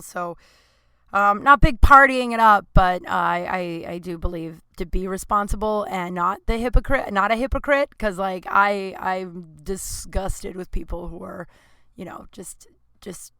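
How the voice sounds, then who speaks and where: A woman's voice: mid-range voice, bright, forceful tone, smooth, dry recording. A woman in her thirties hosting a podcast, talking candidly and rambling, swearing freely, with a sore throat. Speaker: podcast host. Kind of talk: casual chat. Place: Los Angeles.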